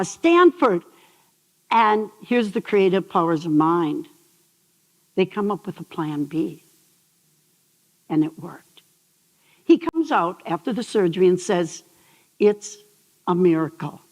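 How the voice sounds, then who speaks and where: An older woman, a behavioral psychologist, telling stories on stage and asking the audience questions in a lively talk. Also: mid-range voice, long reverb tail, rough recording. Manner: animated storyteller, asks the audience questions. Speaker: speaker. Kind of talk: TEDx talk. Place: large hall on stage.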